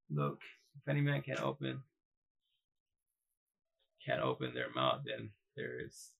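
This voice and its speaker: A man's voice: medium pitch, big pitch swings, slow, vocal fry, pauses often, fairly bright tone, slightly rough, low-quality recording. A man hosting a casual live stream, talking bluntly in loose slang with many restarts. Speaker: live-stream host giving dating advice. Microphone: phone or computer mic on a live stream.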